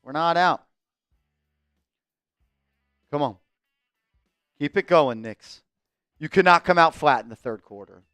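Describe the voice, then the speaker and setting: A man hosting a fan live stream, calling plays and giving chat shout-outs, bursting into shouts and sing-song calls on big shots. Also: a little high, slow, pauses often, clear, resonant tone, no echo, soft background music. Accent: New York. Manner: shouts and sings-along on made baskets, then calmer commentary.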